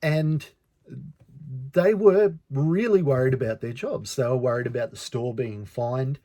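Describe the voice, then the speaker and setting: A man's voice: medium pitch, measured pace, mellow, no room sound. An Australian man hosting a podcast, telling a personal story in an earnest way and often repeating words as he talks. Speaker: podcast host.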